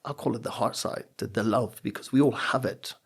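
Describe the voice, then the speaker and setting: Earnest gravelly-voiced man telling stories. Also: medium pitch, fairly quick. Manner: earnest, motivational, acts out quotes. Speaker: guest, coach and speaker. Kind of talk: reflective podcast storytelling.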